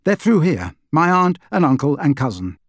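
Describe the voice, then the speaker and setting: A man's voice: on the high side, big pitch swings, moderate pace, dry recording, studio quality, pitched above the performer's own voice. A man voicing an earnest, urgent teenage boy wizard. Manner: urgent, insistent.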